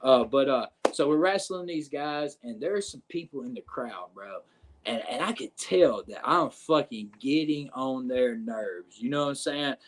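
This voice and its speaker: A man's voice: mid-range voice, unhurried, a little hiss or hum. A man, a pro wrestler telling stories as a podcast guest, cursing often and checking in with his listener. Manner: profane, animated, keeps saying "you know what I'm saying". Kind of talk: casual podcast storytelling.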